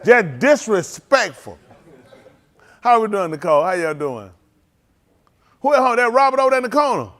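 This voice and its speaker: A man's voice: high voice, very animated, moderate pace, long pauses, fairly bright tone. A man, leading a congregation and greeting livestream viewers by name in a joking, teasing, casual way. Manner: joking, teasing, calls out names.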